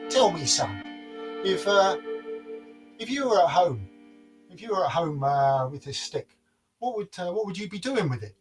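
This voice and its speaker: A man booming as a child-eating giant. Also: lively intonation, moderate pace, long pauses, recorded from a distance, faint music behind. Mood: menacing. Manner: booming, gleeful, threatening. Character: huge menacing child-eating male giant.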